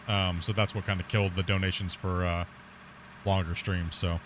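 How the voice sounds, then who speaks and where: A man's voice: low-pitched, flat delivery, normal speed, background noise. A man chatting casually while streaming live gameplay, rambling, laughing often and swearing casually.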